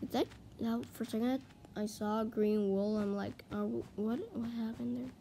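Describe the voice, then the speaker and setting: A woman gives running commentary on her own gameplay, rambling and easily flustered, and she jumps into frantic panic whenever her team is in trouble. Her voice sits a little high. A faint hiss runs under the recording. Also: steady tone, normal speed, gravelly, warm tone. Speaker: gaming video creator.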